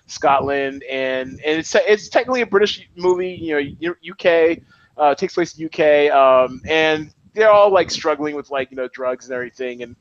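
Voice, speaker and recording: Excitable man chatting about films. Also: fairly high pitch, no room sound, highs cut off. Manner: animated, excitable, many restarts. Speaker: podcast co-host. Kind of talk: casual film chat.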